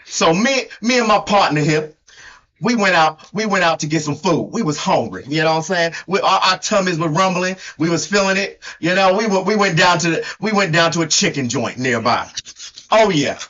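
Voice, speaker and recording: A man's voice: high-pitched, expressive, moderate pace, pushed and bright. A man putting on a Southern US country drawl to play a rowdy cowboy storyteller, telling a crude comic tale in a boisterous, folksy way. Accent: put-on Southern US country. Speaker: co-host. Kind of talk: comedic improvised storytelling. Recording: dull lo-fi recording.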